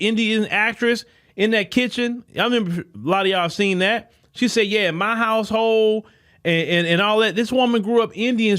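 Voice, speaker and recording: A man's voice: high voice, a bit bright. A man, hosting a podcast and delivering an emphatic political commentary monologue full of rhetorical questions. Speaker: podcast host.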